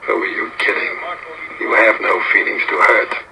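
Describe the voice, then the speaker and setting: A man's voice: fairly low pitch, little pitch movement, normal speed, gravelly, sharp tone, exaggerated voice, poor audio. An actor playing a wry, sardonic leading man in an old film clip. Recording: hissy old film clip played through speakers.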